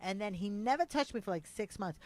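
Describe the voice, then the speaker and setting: A woman co-hosting a podcast, telling a personal story in a lively way, acting out the quotes and swearing freely. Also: medium pitch, brisk. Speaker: podcast co-host. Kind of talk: casual chat, storytelling.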